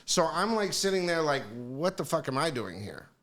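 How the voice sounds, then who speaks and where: A man on a podcast telling casual stories in an animated, profane way, acting out the voices of people he quotes. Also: on the high side, normal speed. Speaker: podcast guest. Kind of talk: casual storytelling.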